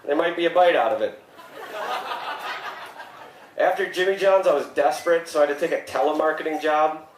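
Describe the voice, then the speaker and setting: A man in his thirties works through a stand-up set, his voice sitting a little high for a man. He delivers dry one-liners and then jumps into mock shock. The stage mic picks up a roomy, echoey club. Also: fairly quick, pauses often. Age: 30s. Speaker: stand-up comedian.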